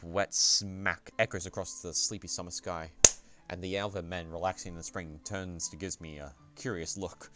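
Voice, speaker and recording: A man streaming himself as he reads a visual novel aloud, narrating in the first person in a soft-spoken, unhurried way. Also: sits low.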